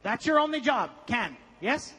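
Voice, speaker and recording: A man's voice: very high voice, sing-song, unhurried, pushed and bright, in a large hall, a little hiss or hum. A man leading a motivational seminar, coaching the audience energetically and breaking into song. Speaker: seminar speaker. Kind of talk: motivational seminar with group singing.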